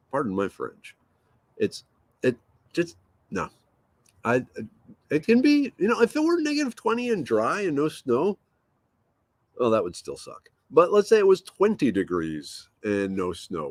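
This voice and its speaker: A man's voice: on the high side, darkish tone, no echo. A man hosting a casual livestream, reading viewer comments aloud and rambling easily from home. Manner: rambling, easygoing, thinks aloud with fillers. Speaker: livestream host.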